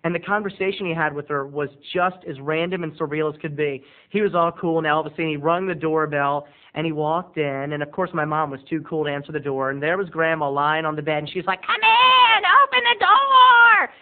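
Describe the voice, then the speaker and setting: A camp, excitable man rambling through a funny family story to his webcam. His voice sits on the high side for a man and comes through thin and boxy, like a phone line. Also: brisk, hardly any pauses. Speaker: video blogger. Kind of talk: comic storytelling to camera.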